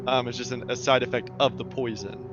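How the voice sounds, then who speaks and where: A man narrating as game master of a tabletop game, slow and unhurried, with frequent ums and laughs. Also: medium pitch, little pitch movement, muffled recording, music in the background.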